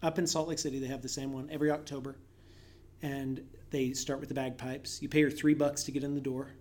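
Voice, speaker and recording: A man in casual conversation, enthusiastic and quick to laugh, telling lively stories. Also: medium pitch. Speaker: guest.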